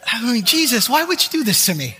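A man preaching a sermon, telling a personal story in an animated way with self-mocking humor. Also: very high-pitched, brisk, background noise. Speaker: pastor. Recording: long reverb of a large hall.

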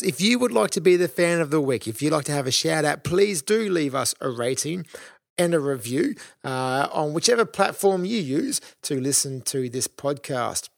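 A man's voice: a little high, creaky, no echo, studio quality. A man hosting a solo podcast episode, talking in an earnest, encouraging way with frequent ums and restarts. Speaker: podcast host.

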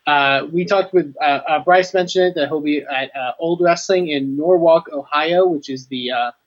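A man co-hosting a podcast in casual chat, rambling with many pauses. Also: a little high. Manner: rambling, lots of uh and restarts. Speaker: podcast co-host. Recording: dull lo-fi audio.

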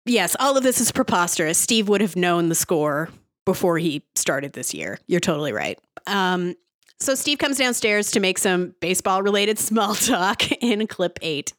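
A woman's voice: on the low side, big pitch swings, normal speed, a bit bright, dry recording, studio quality. A woman hosting a podcast and giving a casual TV episode recap in a sarcastic, giggly way. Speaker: podcast host.

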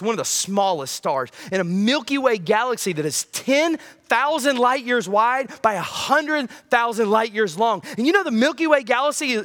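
A male pastor preaching a sermon, swinging between loud high bursts and quiet low lines.

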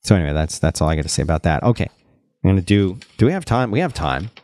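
Lively low-voiced male podcast host. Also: very fast, no room sound, studio quality. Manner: chatty, animated, restarts his sentences. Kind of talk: casual podcast chat.

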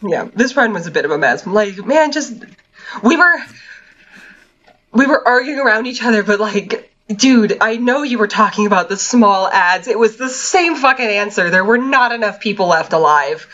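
A woman's voice: medium pitch, animated, moderate pace, fairly bright tone, dull audio. A woman co-hosting a casual chat podcast, talking about games in a laid-back way, swearing and laughing easily. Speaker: podcast co-host.

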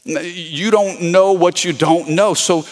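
A man's voice: high voice, steady tone, slow. A man preaching a sermon as pastor, repeating his key points and calling out to the congregation.

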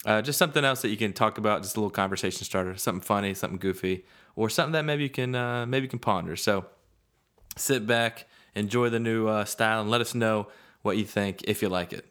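A man with a low voice hosts a casual podcast in an easygoing, rambling way. He is in his thirties and pokes fun at himself as he chats. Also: fast talker, a bit bright. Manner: easygoing, rambling, self-deprecating. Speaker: podcast host.

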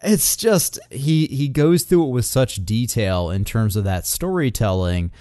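A man giving casual commentary on a speech clip, relaxed and full of fillers. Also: mid-range voice, measured pace, no room sound, clean studio sound. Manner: relaxed, many fillers, breaks off to mimic quotes.

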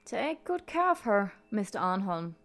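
A woman voicing an old retired male fisherman who speaks in low, ominous warnings. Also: very animated, measured pace, a bit bright, soft background music. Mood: solemn.

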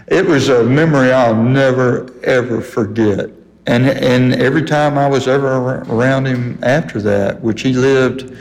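A man's voice: medium pitch, a little mellow, in a large hall, slight background noise, poor audio. Older man spinning a yarn. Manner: folksy, laughs often while telling. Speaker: radio guest telling a story. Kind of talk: casual storytelling on radio.

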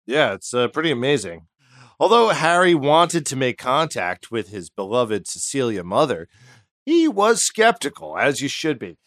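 This co-host is very animated, his mid-range, slightly bright voice moving at a normal speed as he tells a story and jokes around, often putting on silly voices. The recording is clean studio sound with no room ambience.

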